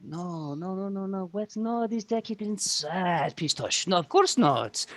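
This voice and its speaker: A man's voice: sits high, lively intonation, measured pace, a bit bright, pitched above the performer's own voice. A man voicing a flamboyant, bossy male cat fashion designer who talks theatrically and drops in Spanish words. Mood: insistent.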